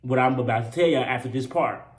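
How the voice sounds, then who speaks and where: A man's voice: medium pitch, quick pace. A young man telling a personal story in a casual, slangy, profane way, repeating lines for emphasis. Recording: roomy echo with faint hum.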